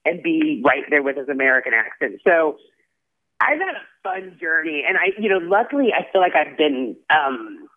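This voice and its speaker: A man's voice: a little high, very animated, normal speed. A man, an actor guest, chatting effusively in an interview, full of "like" and "you know". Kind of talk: casual interview chat. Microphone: phone call. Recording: tinny phone line.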